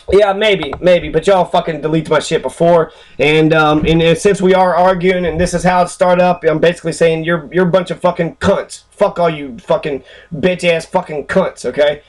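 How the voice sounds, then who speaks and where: A channel host walks through a screen recording while ranting angrily and profanely, rambling with plenty of fillers and a sarcastic, mocking edge. His voice is a little high, with fairly even intonation at a moderate pace.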